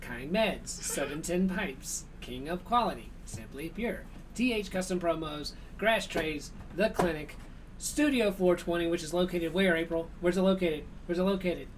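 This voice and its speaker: A man's voice: on the high side, moderate pace, recorded from a distance, a crowd in the background. A man co-hosting a casual chat show, rambling and laughing often. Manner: laughs a lot, rambling, reads sponsor list. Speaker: co-host.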